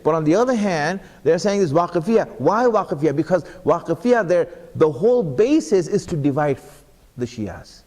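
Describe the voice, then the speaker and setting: Speaking at an Islamic center, a man delivers an earnest sermon in a mosque hall, repeatedly putting questions to the congregation. His voice sits on the high side with big swings in pitch, moves at a normal speed, and has a slightly mellow quality. A long hall reverb surrounds the recording.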